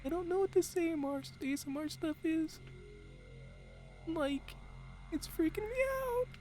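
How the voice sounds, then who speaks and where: A man doing an impression of a goofy, easily scared young cartoon slacker with a high, nasal, jittery drawl. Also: a little slow, dark tone, faint music behind. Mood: spooked.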